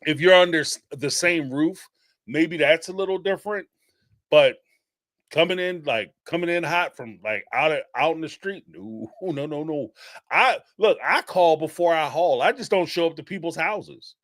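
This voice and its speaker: Man hosting a chatty live recap, slightly high voice, dry close sound, rambling and laughing. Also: moderate pace, a bit bright, no room sound. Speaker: reality TV recap host. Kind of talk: casual live-stream commentary.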